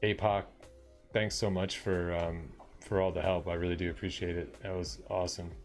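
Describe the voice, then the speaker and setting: A man's voice: low-pitched, level tone, normal speed, faint music behind. A man from Long Island, New York, chatting casually and rambling with lots of fillers as he wraps up a live coding stream. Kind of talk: casual chat to viewers.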